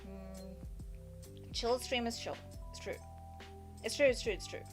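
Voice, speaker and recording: A woman's voice: mid-range voice, takes it slowly, music in the background. A woman live-streaming, giving advice in a chatty, rambling, self-mocking way and reading her chat aloud.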